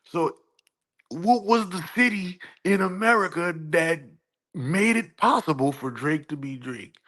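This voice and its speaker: A man with a New Orleans accent hosting a casual commentary vlog, rambling and animated, climbing into incredulous squeaks. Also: unhurried. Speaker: vlog host.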